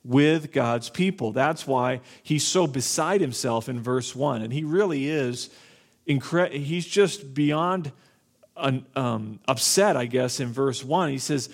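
A man delivers a Sunday sermon at a middle pitch, steady and deliberate. He repeats phrases for emphasis and restarts sentences with small fillers as he explains. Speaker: pastor. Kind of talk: expository sermon.

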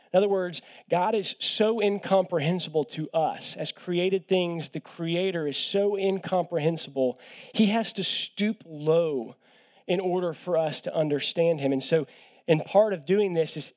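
Young male guest preacher, slightly high voice. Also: a little mellow. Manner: conversational with light self-deprecating humor, often repeats words. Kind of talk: sermon.

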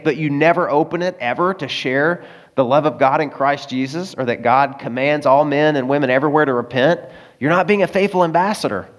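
A man preaching a sermon in a conversational way, with personal stories and frequent asides to the congregation. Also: a little high. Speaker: pastor.

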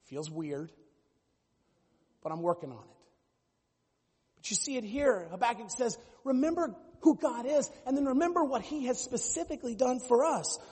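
A man preaching a sermon as pastor, animated and at times mimicking other voices. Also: very high voice, normal speed, pauses often, husky, big-room sound.

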